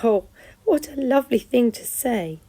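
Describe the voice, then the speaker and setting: A woman's voice: fairly high pitch, expressive, a little slow, dark tone, breathy edge, voice pushed up. A woman doing a gushing theatrical opossum. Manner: gushing, dramatic. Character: theatrical female opossum, chatty show-off.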